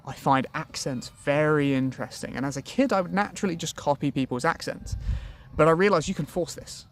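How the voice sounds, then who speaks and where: A man's voice: fairly high pitch, brisk, a little hiss or hum. Chatty, colloquial male sales trainer. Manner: lively, colloquial, self-deprecating. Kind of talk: advice talk to camera.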